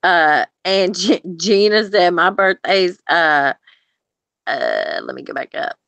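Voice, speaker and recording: A woman's voice: on the low side, very animated, slow, vocal fry, dry recording. A woman, joking and talking to viewers by name on a live stream. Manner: warm, joking, talks to chat viewers by name. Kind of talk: casual live-stream chat.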